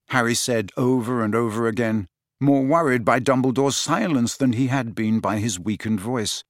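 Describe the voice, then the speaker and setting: A man's voice: medium pitch, moderate pace, dry recording, studio quality. Man narrating a dramatic audiobook. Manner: dramatic, varied reading.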